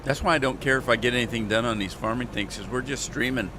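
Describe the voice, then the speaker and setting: A man's voice: medium pitch, fast, background noise. An older man streaming a farming game and chatting casually, with dry, grumbling, self-mocking humor. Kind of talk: casual chat while gaming.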